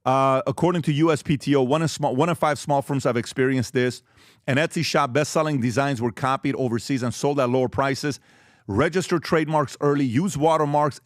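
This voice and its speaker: A man talking to a live audience about business, direct and emphatic as he runs through his points. He tells stories in an animated way, acting out the exchanges. His voice sits in a middle register and sounds dry and close. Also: mid-range voice, no echo. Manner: animated storytelling, acts out quoted exchanges. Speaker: host giving a business talk.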